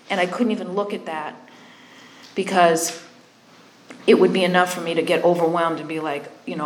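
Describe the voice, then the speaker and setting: A woman's voice: fairly low pitch, fairly even intonation, a little fast, slight background noise. Candid woman sharing her story, echoey room. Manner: conversational, keeps checking in with "right?"; candid and self-deprecating. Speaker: speaker sharing a recovery story. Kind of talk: personal testimony talk.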